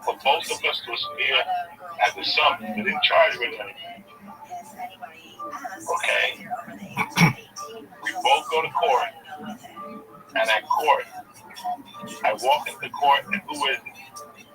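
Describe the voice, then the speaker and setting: Slow and gravelly with long pauses, this slightly high-voiced man appears as a storyteller guest. He animatedly retells a profane story, quoting the dialogue as he goes, recorded far from the mic with music playing behind.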